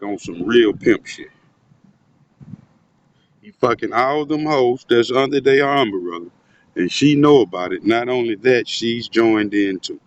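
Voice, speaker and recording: A man giving a profane, conspiratorial monologue to his viewers, recorded on a handheld phone in a public spot. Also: mid-range voice. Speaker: vlogger. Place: public spot, moved somewhere quieter. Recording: dull lo-fi phone audio with faint noise.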